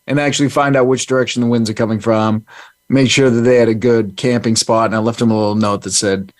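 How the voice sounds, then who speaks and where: A man co-hosts a live show in an easygoing, rambling way, drifting from one small story to the next. His voice is mid-pitched, and it is recorded dry and close. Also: fairly even intonation, fast, dry recording. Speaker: co-host. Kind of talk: casual chat.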